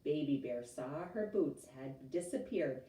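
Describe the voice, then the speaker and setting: A woman teacher reading a storybook aloud to a class, expressive and chatty, adding asides to her listeners. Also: low voice, measured pace. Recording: roomy, mic at a distance.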